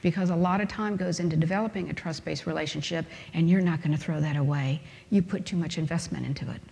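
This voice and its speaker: A woman with a fairly low voice gives a conference talk in a lecture hall. She speaks emphatically, leans on rhetorical questions and everyday examples, and her words ring out with a long reverb from the room. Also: fast talker, vocal fry, mellow.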